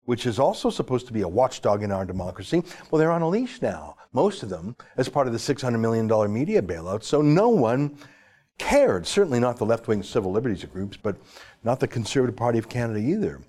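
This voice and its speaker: Lively, emphatic male political commentator. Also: mid-range voice, brisk. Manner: emphatic, sarcastic, reads legal text aloud.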